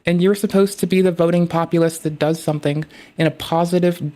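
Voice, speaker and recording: A woman's voice: low-pitched, darkish tone. Woman streamer, casual reaction commentary, sarcastic and sweary, rambling delivery.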